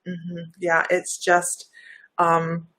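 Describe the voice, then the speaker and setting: A woman hosting a livestream as a psychic healer, chatty and effusive, laughing often and talking in quick bursts. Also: fairly low pitch, completely flat delivery, a bit bright. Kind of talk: casual livestream chat.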